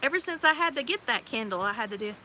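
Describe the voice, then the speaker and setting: A woman in her forties chatting casually on her live stream outdoors, bubbly and quick to laugh. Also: a little high, lively intonation. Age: 40s. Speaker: livestream host. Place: outdoors by a pool on a windy day. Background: wind gusts.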